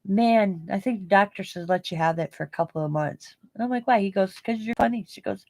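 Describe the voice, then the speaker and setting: A woman's voice: medium pitch, fairly quick, a little mellow. A woman hosting her craft channel, chatting casually as she works. She rambles, giggles often, repeats herself and has a light stutter. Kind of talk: casual chat while crafting.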